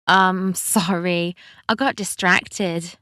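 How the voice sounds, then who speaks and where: A woman narrating an audiobook, voicing a shy, flustered middle-aged housewife who answers in a quiet, halting way. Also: lowish voice, clear, resonant tone, no echo, studio quality.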